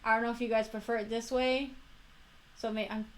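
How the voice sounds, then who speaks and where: A woman's voice: fairly high pitch, flat delivery, fairly quick, a little hiss or hum. A young woman with a Florida accent, chatting casually on a livestream while building a model kit, rambling and correcting herself as she goes.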